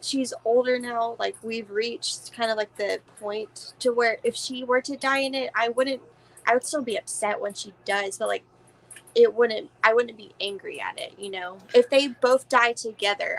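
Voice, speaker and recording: A woman's voice: on the high side, normal speed, creaky, rough recording. A woman guest in a casual watch party chat, talking chattily with lots of "like" and swearing. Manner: chatty, swears, heavy use of "like".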